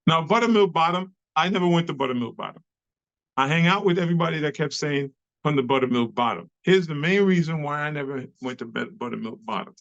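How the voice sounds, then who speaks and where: A man's voice: on the high side, quick pace, creaky. A man, a club dancer telling stories as an interview guest, slangy and profane and acting out the people in them. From New York City. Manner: animated storyteller, slangy and profane, acts out quoted people. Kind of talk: casual storytelling interview. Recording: slightly dull lo-fi recording.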